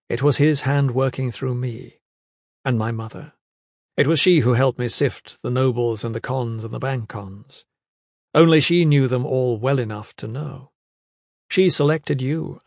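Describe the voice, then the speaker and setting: A stern, commanding male ruler, as the narrator puts him on, pressing each point with cold authority. His mid-pitched voice sounds close and dry in an audiobook reading. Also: a little mellow, dry recording, close to an everyday voice.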